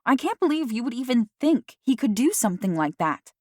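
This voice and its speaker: A woman's voice: fairly high pitch, big pitch swings, brisk, mellow, no room sound, clean studio sound, voice pushed up. A woman voicing a teenage girl who defends her friend emphatically, in an audiobook. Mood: insistent. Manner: insistent, emphatic. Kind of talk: audiobook dialogue.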